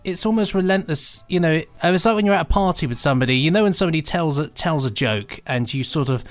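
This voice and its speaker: A man co-hosting a podcast, animated and rambling, with frequent restarts. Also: on the high side, fast talker, dry recording, faint music behind. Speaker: podcast co-host. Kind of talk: casual podcast chat.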